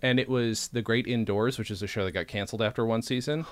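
A casual man hosting a podcast chat, talking in lively rambling asides and swearing freely. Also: medium pitch, quick pace. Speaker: podcast host.

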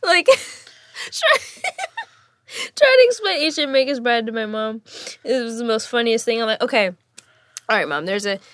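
A woman's voice: a little high, unhurried, no room sound. A woman voice actor in casual chat, telling a story with lots of laughter. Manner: giggly, animated storytelling.

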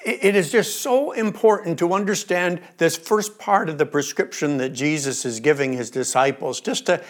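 A man's voice: on the high side, moderate pace. A middle-aged male pastor preaching a sermon, acting out the cries of the people in his story. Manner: animated, acts out the disciples' cries.

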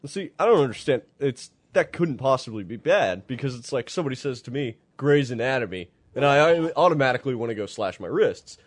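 A man's voice: medium pitch, expressive, quick pace, few pauses, no room sound. A man bantering sarcastically in a casual podcast chat. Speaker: podcast co-host.

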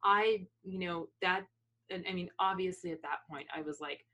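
A woman's voice: lowish voice, normal speed, sharp tone. A woman who is a mother, telling an emotional personal story with many fillers and restarts. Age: adult parent. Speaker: guest.

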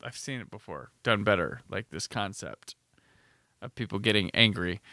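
A man's voice: fairly low pitch, lively intonation, moderate pace, bright, forceful tone, dry recording, studio quality. A man hosting a podcast, chatting casually and animatedly about a film, with a rambling style full of "like". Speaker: podcast host.

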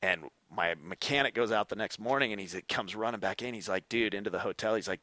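A middle-aged man, a former motocross racer, telling stories as a podcast guest in an animated way and swearing freely. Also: on the low side, quick pace, no room sound. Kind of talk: casual storytelling.

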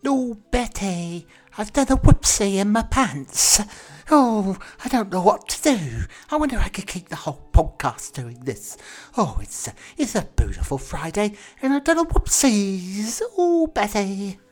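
A man's voice: high-pitched, very animated, measured pace, voice pushed up, full character voice. A man doing an impression of a bumbling, accident-prone 1970s sitcom husband, in a whining, quavering, helpless voice. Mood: flustered.

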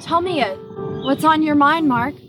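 A woman's voice: high-pitched, moderate pace, over music, lightly acted. An actress playing a jilted young woman pleading in melodramatic soap-opera style, with broken grammar, in a comedy sketch clip.

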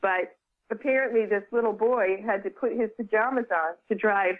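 A woman, a book author and guest, telling a story in a chatty, casual way, full of "you know" and quick restarts, heard over a phone call. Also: mid-range voice. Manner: chatty, lively retelling with many "you know"s. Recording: tinny phone line.

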